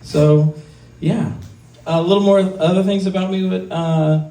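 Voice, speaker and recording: This fifties-aged stand-up comic has a high-sitting, dark-toned voice with fairly even intonation and a slightly slow delivery. He rambles through a crude, self-deprecating open mic set with many ums in a small comedy venue. The sound is roomy, as if the mic were some distance away.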